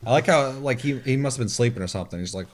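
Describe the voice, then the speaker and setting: A man co-hosting a gaming podcast, telling stories in a casual, animated, profane way and imitating game sounds. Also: mid-range voice, racing. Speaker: podcast co-host.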